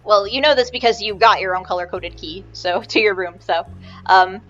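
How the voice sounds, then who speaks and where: A woman's voice: mid-range voice, moderate pace, music in the background. Rambling woman game master, lo-fi mic. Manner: rambling, hesitant with many fillers. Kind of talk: narrating a tabletop game.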